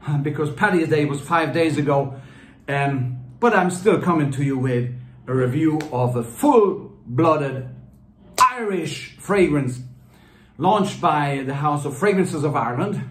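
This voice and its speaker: Chatty man in a roomy room. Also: mid-range voice. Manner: rambling, chatty, frequent fillers and restarts. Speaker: fragrance reviewer. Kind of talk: casual video review. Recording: roomy echo.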